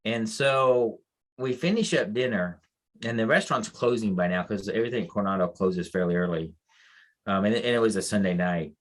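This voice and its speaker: Rambling, low-voiced American man. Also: brisk. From United States. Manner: rambling, emotional, many restarts. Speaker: podcast co-host, mental health advocate. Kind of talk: casual storytelling chat.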